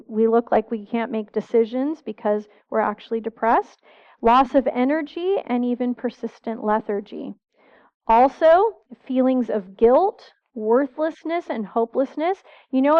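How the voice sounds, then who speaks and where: A woman's voice: on the high side, clear, resonant tone, lo-fi sound. A middle-aged woman therapist giving a church seminar talk, earnest, asking the audience questions as she lists symptoms.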